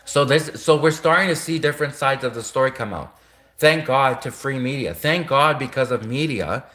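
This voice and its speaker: A man's voice: medium pitch, normal speed, bright, forceful tone. A man talking straight through a rambling casual monologue, often restarting and repeating his sentences.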